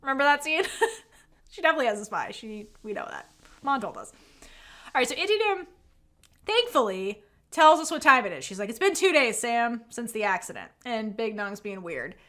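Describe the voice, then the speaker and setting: A woman with a high, bright voice retells a series scene by scene in a casual podcast chat. Her pitch swings widely as she acts out the characters' lines. She peppers her talk with "like" and casual swearing. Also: normal speed, pauses often. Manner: animated storytelling, acting out character quotes; swears casually, says "like" a lot. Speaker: podcast co-host.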